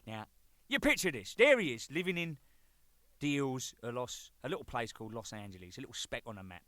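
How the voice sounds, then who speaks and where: A man's voice: mid-range voice, big pitch swings, brisk, fairly bright tone, dry recording. A man in his thirties telling cheeky, rambling anecdotes as a band drummer, with lots of swearing. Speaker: band drummer presenting a record. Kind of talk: jokey rambling monologue.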